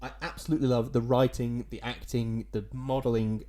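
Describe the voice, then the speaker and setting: A man's voice: mid-range voice, level tone, brisk, mellow. A young man co-hosting a podcast, talking in a dry, wordy and self-mocking way. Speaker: podcast co-host. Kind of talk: casual podcast chat.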